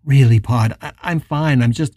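A grieving man forcing himself to sound strong, his halting words snagging now and then, as the narrator reads him. The voice is mellow and a little husky, with no echo behind it. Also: medium pitch, studio quality, lightly acted. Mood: strained. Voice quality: strained, halting. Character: grieving man putting on a brave face.

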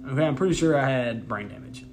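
With a medium-pitched voice and a fast delivery, plus a little hiss or hum in the background, a young man co-hosts a podcast. He rambles through a swearing-filled story, laughing along in casual chat.

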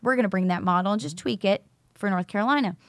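A woman's voice: mid-range voice, fast talker, no echo. A middle-aged woman, a teacher, telling her story in an interview and acting out the dialogue as she goes. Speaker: teacher, recovery school founder.

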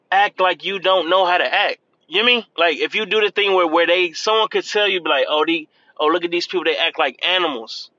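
A man hosting a talk show, riffing in casual slang and tacking a drawn-out "man" onto his lines. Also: on the high side, bright, forceful tone, no echo, lo-fi sound. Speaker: podcast host. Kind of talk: casual commentary.

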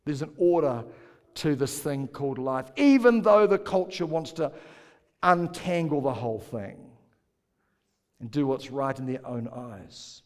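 A man's voice: mid-range voice, animated, a little slow, darkish tone, long reverb tail. A male pastor preaching a sermon, playful and joking with the congregation, drawing them in to repeat words back.

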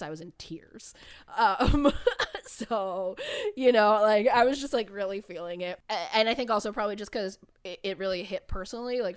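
A woman's voice: medium pitch, clean tone. A woman co-hosting a podcast in casual chat, candid and chatty, with lots of fillers. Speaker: podcast co-host.

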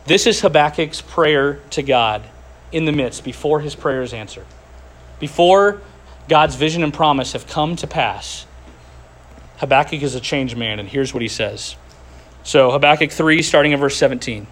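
A man preaching a sermon as pastor, earnest, slowing down to stress key words, speaking to a group seated at tables. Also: a little high, fairly bright tone. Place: room with tables, group gathering.

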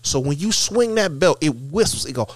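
A man's voice: a little high, lively intonation, moderate pace, no room sound, clean studio sound. A man in casual chat, telling folksy tales and insisting on his point.

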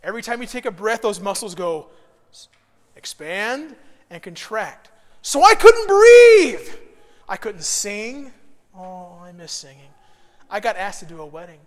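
High-voiced man preaching in a reverberant hall. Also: moderate pace. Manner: animated storytelling, swinging between soft and loud. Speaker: pastor. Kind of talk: sermon.

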